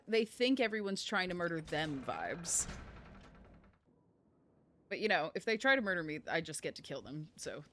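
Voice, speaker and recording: A woman streamer chatting casually over her gameplay in an animated way, laughing often. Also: low-pitched, normal speed.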